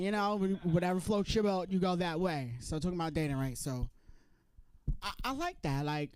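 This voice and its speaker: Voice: medium pitch, expressive, brisk, a little mellow, dry recording. A stand-up comedian from New York, with a New York accent, doing a chatty open mic set and acting out other people's voices. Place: comedy club stage.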